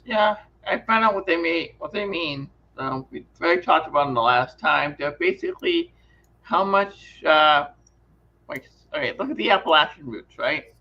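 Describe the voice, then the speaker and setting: A man's voice: fairly high pitch, big pitch swings, normal speed, dull audio, a little hiss or hum. A man on a video call explaining the numbers step by step in a casual, teasing way. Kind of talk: casual livestream chat.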